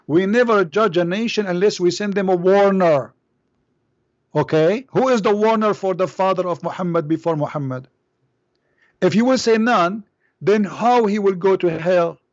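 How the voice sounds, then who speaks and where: A man's voice: high-pitched, normal speed. A man in a religious debate, posing pointed questions with many hesitant fillers. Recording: dull lo-fi line.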